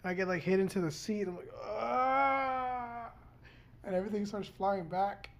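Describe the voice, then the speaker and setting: A man, a guest on a podcast, tells a story in casual chat. He talks in an animated way and swears often. He acts out what each person said. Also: high-pitched, quick pace.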